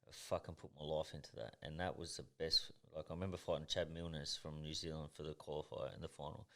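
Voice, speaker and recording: A very deep, sharp-toned voice moves quickly with fairly even intonation. It belongs to an Australian boxer from Tasmania in his thirties, a podcast guest whose casual storytelling is blunt, intense and thick with profanity.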